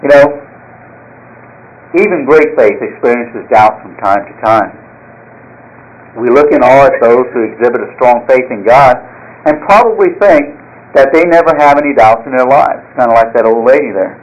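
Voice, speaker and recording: A male pastor delivers a sermon in a folksy, earnest storytelling manner at a middle pitch. His voice carries the steady cadence of the pulpit. The recording is slightly dull and lo-fi. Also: normal speed.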